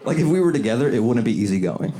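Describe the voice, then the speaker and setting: Male stand-up from the Seattle area, animated delivery, audience laughter behind him. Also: mid-range voice, fast talker, crowd noise. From Seattle area, USA. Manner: loose, chuckling, lively voices for bits. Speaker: stand-up comedian. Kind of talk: stand-up set, working on new material. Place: comedy club with a laughing audience. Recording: live club audience audible.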